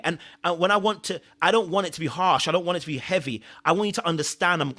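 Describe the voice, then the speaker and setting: Bright-voiced man hosting a live recap. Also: a little high. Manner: chatty, repeats himself, thanks viewers often; earnest advice-giving. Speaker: show host reviewing a reality series. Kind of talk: live-stream recap chat.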